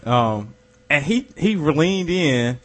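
A man's voice: fairly high pitch, very animated, takes it slowly. A young man in casual chat who chimes in briefly and easily. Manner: easygoing, chimes in briefly, laughs along.

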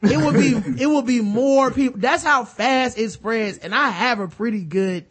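Casting: man in his thirties, notably high voice, lively slangy co-host who jumps into quoted voices. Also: normal speed, breathy edge. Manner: animated, slangy, acts out quotes. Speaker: podcast co-host. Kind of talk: casual chat.

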